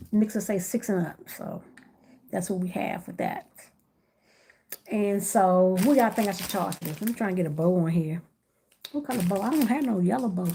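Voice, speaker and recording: A woman's voice: mid-range voice, vocal fry, warm tone, a little hiss or hum. A middle-aged woman chatting casually on a live stream, greeting viewers by name while she works on gift baskets indoors.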